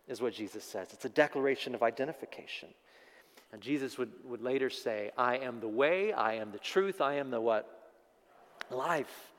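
A pastor preaching a sermon, rising into loud, slow emphatic passages and drawing responses from the congregation. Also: male voice, medium pitch. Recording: reverberant hall sound.

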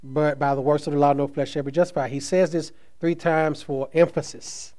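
A man preaching a sermon, speaking with slow emphatic stresses that trail off softly at phrase ends, with casual asides between. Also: on the high side, little pitch movement. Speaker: pastor.

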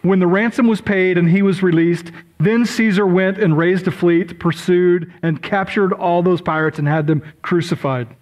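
A middle-aged man preaching from the pulpit, his voice sitting high for a man. He talks in a chatty, self-deprecating way, wandering into asides and saying sorry as he goes. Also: steady tone, normal speed, hardly any pauses, low-quality recording. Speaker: pastor. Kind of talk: sermon.

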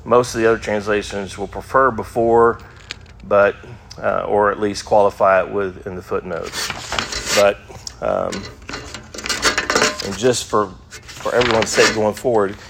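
A man's voice: lowish voice, steady tone, unhurried, gravelly, long pauses, background noise. Man teaching adult Sunday school. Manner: conversational, with frequent fillers and restarts. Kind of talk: classroom Bible teaching.

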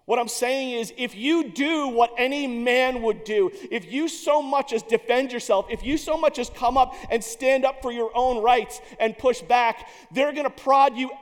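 A man voicing a blunt older male baseball executive who delivers forceful, urgent warnings. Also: very high-pitched, normal speed, hardly any pauses, pitched above the performer's own voice. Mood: stern warning. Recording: long hall reverb.

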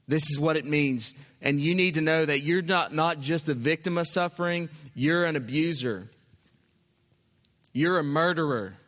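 A man preaching a sermon in short, emphatic phrases, at times dropping to a hushed voice. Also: on the high side, normal speed. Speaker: pastor. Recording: long hall reverb.

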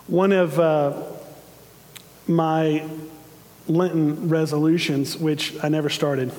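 A man's voice: a little high, level tone, slow pace, a little mellow. A man preaching a sermon in an earnest, conversational way, with some fillers. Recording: long hall reverb.

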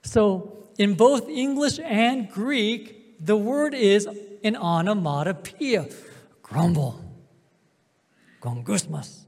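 A man preaching a sermon as pastor, emphatic, with drawn-out pauses and swings between loud and soft. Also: high voice, expressive, creaky. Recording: long hall reverb.

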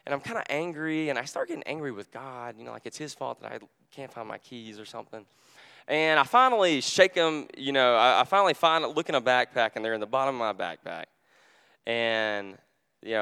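A young man preaching a sermon in a conversational, animated way, full of fillers, and dropping to a hush for quoted words. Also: medium pitch, brisk, creaky, clean tone. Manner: drops to a hushed voice when quoting Jesus.

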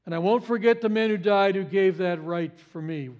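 A man's voice: sits high, moderate pace, highs cut off. A man preaching a sermon, stressing and repeating key phrases for effect. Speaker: pastor.

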